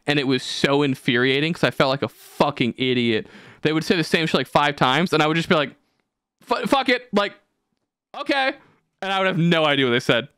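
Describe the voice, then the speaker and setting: A young man hosting a podcast, telling stories in casual chat with lots of swearing and animated energy. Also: medium pitch, smooth, dry recording, studio quality. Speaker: podcast host.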